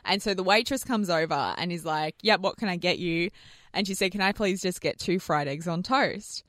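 A woman co-hosting breakfast radio, telling stories animatedly with quick asides. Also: lowish voice, fairly bright tone, no echo, clean studio sound. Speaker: radio co-host. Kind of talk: casual breakfast radio chat. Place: radio studio. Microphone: studio microphone.

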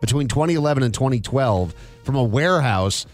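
A man's voice: medium pitch, expressive, fairly quick, soft background music. A man hosting a radio morning show, reading quirky news items in joking, casual banter.

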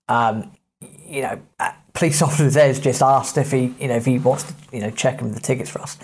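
A man's voice: medium pitch, steady tone, fast talker, a little mellow, breathy edge. A man from England with an English accent, a podcast host telling travel anecdotes in a chatty way with plenty of fillers. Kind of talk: casual travel storytelling.

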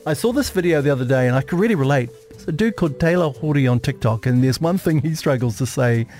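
A man's voice: a little high, animated, quick pace, darkish tone, soft background music. Joking New Zealand radio host man. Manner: joking, self-deprecating, laughs often. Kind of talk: casual radio banter. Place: radio studio.

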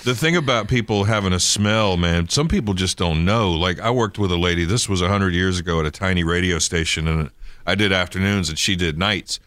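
A man's voice: sits low, fairly quick, a bit bright, no echo. A middle-aged man co-hosting a casual radio chat, joking and laughing easily. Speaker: radio show co-host.

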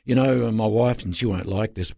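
A man's voice: lowish voice, moderate pace, creaky, mellow, no room sound, studio quality. An older man, a pastor telling stories earnestly as an interview guest, rambling with fillers.

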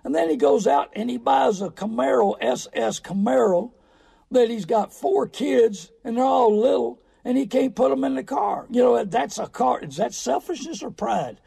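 A middle-aged man delivers a folksy, sermon-like radio monologue, his voice high-pitched and rough with gravel. The tone is dark and mellow, and he breaks into emphatic, loud bursts now and then. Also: normal speed. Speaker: radio show host on car buying. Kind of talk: preachy talk radio monologue.

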